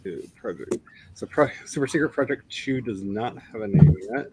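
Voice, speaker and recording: A man's voice: medium pitch, expressive, moderate pace, gravelly, heavy background noise. A man who is an author hosting a casual writing live stream, rambling with chuckles and reading chat comments aloud.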